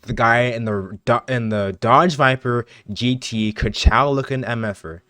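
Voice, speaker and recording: A young man co-hosting a podcast spins a comic made-up scenario in casual chat, an animated storyteller who laughs often and stumbles through many restarts. His voice is medium-pitched and a little slow. The recording is dry, with a clean studio sound.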